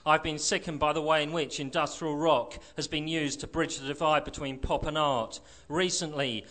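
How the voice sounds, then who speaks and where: A man's voice: fairly high pitch, pushed and bright. A man reading a short story aloud in a dry, sardonic first-person narration. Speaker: reader.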